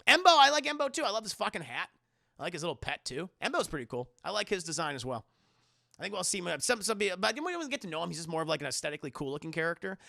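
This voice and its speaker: A man chats on a livestream in a fast, rambling way, often swearing and laughing. His voice is bright and gravelly with a lively, swooping pitch. The sound is dry and close to the mic. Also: dry recording. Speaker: livestream host. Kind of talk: casual chat answering viewer questions.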